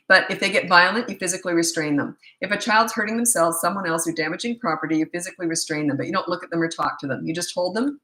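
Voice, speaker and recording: Brisk, blunt woman parenting coach. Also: fairly low pitch, pushed and bright, echoey room, poor audio. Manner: blunt, brisk and matter-of-fact, with quick asides. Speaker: parenting coach answering live questions. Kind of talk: live Q&A chat.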